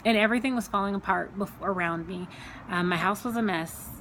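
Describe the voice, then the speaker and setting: A woman's voice: mid-range voice, a little fast, a bit bright, slight background noise. A woman sharing a personal faith testimony at home, in an earnest, conversational way with many fillers and repeated words. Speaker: Christian speaker sharing her testimony.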